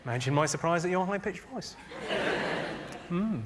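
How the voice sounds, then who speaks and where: Fast, crude stand-up comic. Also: male voice, fairly high pitch, expressive. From England. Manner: dry, crude, teasing the audience. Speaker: stand-up comedian. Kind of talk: stand-up comedy with crowd work. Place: comedy venue on stage. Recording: live show with loud crowd noise.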